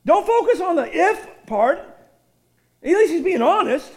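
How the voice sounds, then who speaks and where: A man preaching a sermon in an animated way, often repeating words as he goes and pushing out loud bursts of emphasis. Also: extremely high pitch, unhurried. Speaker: pastor.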